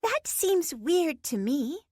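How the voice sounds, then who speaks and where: A woman's voice: extremely high pitch, big pitch swings, takes it slowly, a little mellow, dry recording, clean studio sound, pitched above the performer's own voice, heavily acted. A woman voicing a cheeky, blunt young female pixie who talks in a chirpy, offhand way. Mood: perky.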